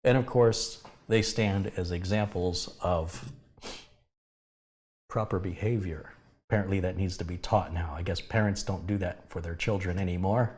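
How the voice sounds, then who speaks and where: A man's voice: sits low, steady tone, normal speed, darkish tone, slight background noise. A middle-aged man from the US hosting a live tech review stream, chatting with viewers, greeting them by name and adding wry asides. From United States. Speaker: tech channel host.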